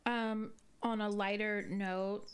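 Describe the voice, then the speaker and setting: A woman co-hosting a podcast in casual chat, playful and profane, with quick reactions. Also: medium pitch, little pitch movement, slight background noise. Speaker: podcast co-host.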